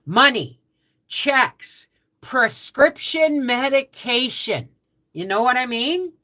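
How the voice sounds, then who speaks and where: A woman's voice: sits high, lively intonation, slow pace, bright, forceful tone. A Canadian woman hosting a casual homestead livestream, greeting viewers by name in a chatty way, just out of bed. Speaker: livestream host.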